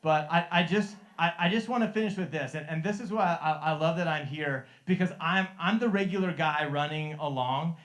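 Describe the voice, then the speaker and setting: A man's voice: a little high, brisk, few pauses, fairly bright tone. A middle-aged man and Christian life coach telling a testimony to a live group, earnest and often laughing, with many restarts.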